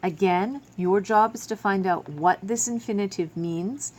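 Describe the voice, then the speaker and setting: A woman's voice: mid-range voice, measured pace, a little mellow. A woman teaching a French verb lesson to students, explaining each step patiently. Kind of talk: classroom video lesson.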